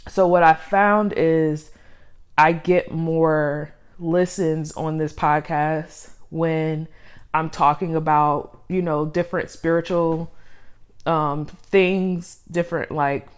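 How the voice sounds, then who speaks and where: A woman's voice: low-pitched, steady tone, slow pace, smooth. A young woman hosting her own podcast, talking casually and a little out of breath, with lots of fillers and laughs. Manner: rambling, filler-heavy, laughs often. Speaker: podcast host. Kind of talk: casual solo podcast talk. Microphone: studio microphone.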